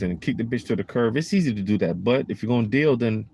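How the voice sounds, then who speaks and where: A man's voice: on the low side, expressive, fast, a little mellow, a little hiss or hum. A man giving a casual preaching monologue in a rambling, emphatic, slangy way, full of "you know" and "man.".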